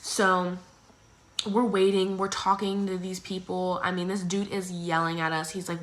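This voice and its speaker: A teenage girl telling a personal story in a casual, chatty way, full of "like" and "um", acting out others in squeaky voices. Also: level tone, normal speed, fairly bright tone. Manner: acts out others' lines in squeaky exaggerated voices.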